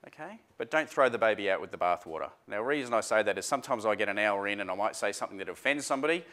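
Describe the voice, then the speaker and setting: Aussie guy, lowish voice, running a seminar, loose and chatty, lots of uhs. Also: lively intonation, racing, bright, forceful tone. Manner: chatty, informal, many fillers and restarts. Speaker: seminar presenter. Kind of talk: casual workshop talk.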